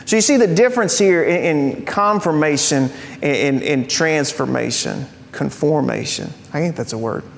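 A pastor, high-voiced yet gravelly and expressive, preaches and teaches in a chatty way sprinkled with jokes. He leans on the important phrases by slowing dramatically. Long reverb surrounds him, suggesting a large sanctuary.

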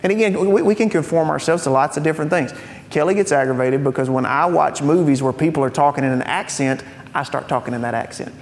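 This high-voiced pastor delivers his sermon in a conversational teaching style, with a joking aside now and then. Key phrases get weight as he drags his pace right down. The sound echoes at length, like a big church sanctuary.

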